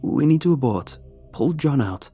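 A man voicing a terrified male test subject, with a shaky, breathy and hoarse voice. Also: mid-range voice, expressive, normal speed, mellow, faint music behind, pitched above the performer's own voice. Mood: panicked. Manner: panicked, broken speech.

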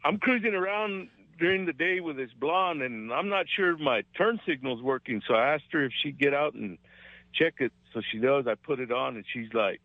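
A man's voice: a little high, normal speed, no echo, lo-fi sound. Man, radio caller, upbeat, chuckling, dry close sound. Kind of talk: telling jokes on a call-in show.

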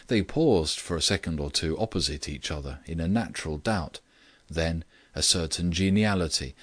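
A man with a very deep voice narrates a classic story at a measured pace. His delivery is steady and scripted. The recording is dry and close, with no room sound. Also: no echo. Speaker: audiobook reader.

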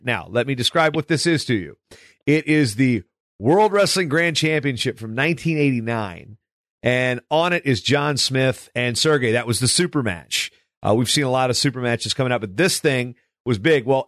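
A man's voice: medium pitch, no room sound, studio quality. A man hosting a conversational interview, telling rambling stories in a chatty way. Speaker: podcast host.

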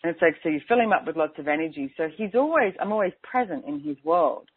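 A woman's voice: low voice, lively intonation, fast, husky. A woman hosting a radio talk show, chatting casually and filling her speech with "and it's like". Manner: chatty, keeps saying "and it's like". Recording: tinny phone-like line, dry.

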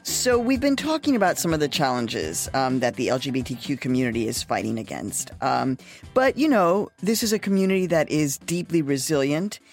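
A man hosting a podcast panel, thoughtful, pausing often with "um". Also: fairly high pitch, big pitch swings, faint music behind. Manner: thoughtful, many "um" pauses. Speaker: podcast host.

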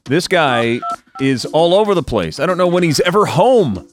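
A man's voice: on the high side, big pitch swings, normal speed. A man hosting a radio show, bantering and joking casually with a guest on the phone. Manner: jokey, chatty banter. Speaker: radio host.

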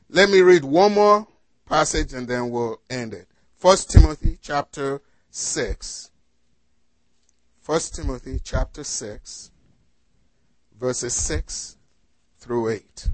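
Delivering a sermon at a slow, pause-filled pace, a medium-pitched, animated pastor has the congregation complete his phrases. He moves from loud urging to soft asides, captured in a dry recording.

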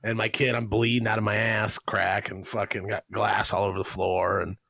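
A man's voice: lowish voice, flat delivery, normal speed, creaky, sharp tone, no room sound. A young man co-hosting a podcast, rambling through crude stories and laughing as he goes. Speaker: podcast co-host. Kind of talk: profane casual storytelling.

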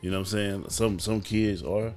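A man's voice: on the low side, fairly even intonation, moderate pace, darkish tone, faint music behind. A man talking casually and earnestly, repeating phrases as he explains his view. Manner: earnest, repeats himself, preachy. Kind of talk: casual conversation.

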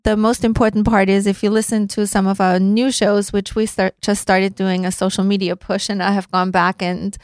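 A talkative woman from Austria hosts a podcast in an easy, chatty way. Her voice sits at an ordinary middle pitch. The recording is close and dry, with no room sound. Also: flat delivery, moderate pace, few pauses, smooth, no echo. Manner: chatty, warm-hearted, with fillers. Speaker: podcast host. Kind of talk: casual podcast chat.

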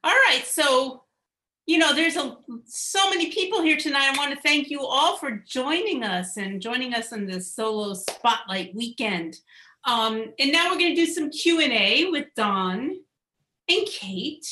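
A woman's voice: high-pitched, expressive, unhurried, pushed and bright, roomy sound. A woman hosting a live online show over a video call, bubbly and tripping over her words now and then. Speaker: host.

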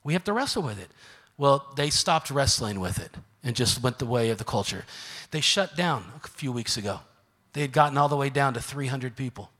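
A middle-aged man preaches with emphatic force, dropping to quiet asides and then rising to shouts. His voice is bright and sits a little high for a man. The sound carries a long reverb from a large church sanctuary. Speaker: pastor. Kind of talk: sermon.

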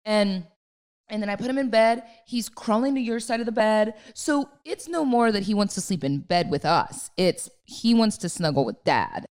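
A woman's voice: expressive, moderate pace. Chatty woman telling a story. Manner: chatty storytelling, acts out quotes in a high voice. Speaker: podcast co-host. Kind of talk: casual chat.

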